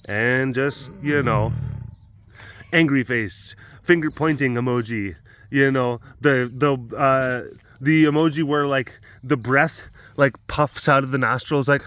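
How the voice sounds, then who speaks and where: A man's voice: mid-range voice, fairly bright tone, slight background noise. A man, a big cat keeper telling stories in a casual vlog, rambling with many fillers and chuckles.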